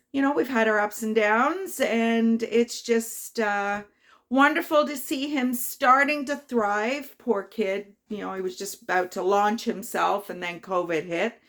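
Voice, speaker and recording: A woman, chatting casually to her vlog viewers in a mid-range voice. She tells a personal story with feeling, pausing often on ums and uhs. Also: mid-range voice, a bit bright. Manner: personal, emotional storytelling with many fillers. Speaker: vlogger.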